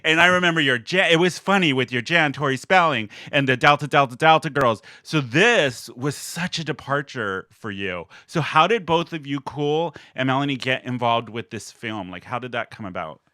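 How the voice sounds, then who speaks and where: A man in his forties hosts a podcast interview with a bright, forward voice. He asks his questions eagerly, like a fan. The sound is dry and close. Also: mid-range voice, normal speed, few pauses, no echo. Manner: enthusiastic fan questions, animated. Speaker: podcast host.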